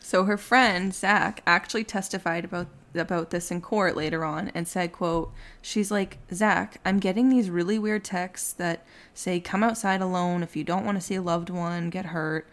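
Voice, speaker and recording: A young woman hosting a podcast, casually telling a true crime story and acting out the quotes. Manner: animated, acts out quotes with rising pitch. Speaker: podcast host.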